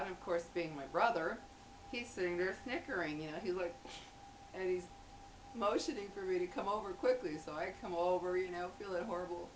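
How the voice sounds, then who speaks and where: A woman's voice: on the low side, far from the mic, low-quality recording. A chatty middle-aged woman talking to her camera at home, often breaking into laughter as she acts out small scenes. She sits a little back from the mic, with a faint hum underneath. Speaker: vlogger. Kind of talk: casual chat to camera.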